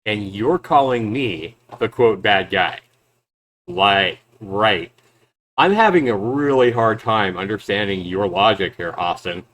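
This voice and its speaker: A man's voice: lowish voice, lively intonation, takes it slowly, fairly bright tone, a little hiss or hum. Sarcastic man mocking a rival. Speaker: YouTube game reviewer and developer. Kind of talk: reaction commentary.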